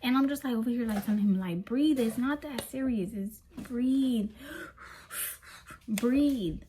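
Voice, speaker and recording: A young woman vlogger telling a story in casual storytime style, animated and full of slang, talking straight to her viewers. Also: a little high, measured pace, a little hiss or hum.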